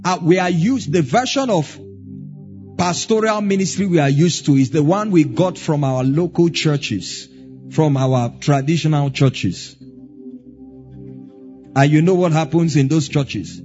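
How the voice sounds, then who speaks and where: A man's voice: a little high, a little slow, darkish tone, highs cut off, soft background music. A Nigerian man with a Nigerian accent preaching a sermon as pastor, stressing words in a rising, sing-song way.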